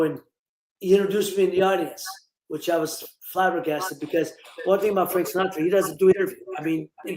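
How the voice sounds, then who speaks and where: A man in his sixties from Ohio, a former boxer, tells stories as a guest in a live interview, rambling with lots of fillers and restarts. His voice is on the high side with a darkish tone. The audio is poor and sounds roomy.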